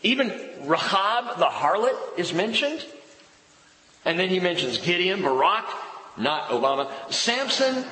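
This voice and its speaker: A male pastor preaching a sermon, animated and expressive, often dropping his voice low and soft for emphasis. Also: a little slow. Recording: echoey hall with long reverb.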